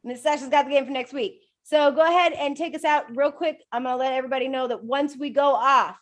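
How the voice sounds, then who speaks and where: A woman co-hosting a casual group chat on a video call, laughing often and talking in an animated way. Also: high voice, quick pace. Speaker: co-host.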